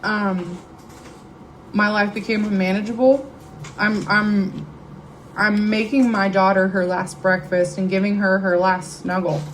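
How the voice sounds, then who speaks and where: A woman's voice: medium pitch, little pitch movement, measured pace, slight background noise, rough recording. A middle-aged woman, speaking candidly and emotionally as she shares her testimony at a recovery meeting. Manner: candid, conversational, emotional storytelling. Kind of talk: personal testimony to a live audience. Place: meeting room with audience.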